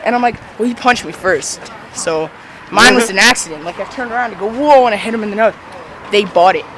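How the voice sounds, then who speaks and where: A teenage boy casually telling a profane, animated story while walking outdoors. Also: high-pitched, fast. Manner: animated, profane, laughing asides. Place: city street, outdoors, walking. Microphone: handheld music player. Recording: noisy street recording.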